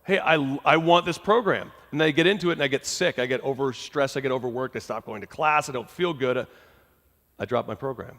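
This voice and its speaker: A middle-aged motivational speaker tells a personal story to a live audience, conversational and animated, frequently asking the crowd questions. His voice is mid-range and a little fast, with long hall reverb.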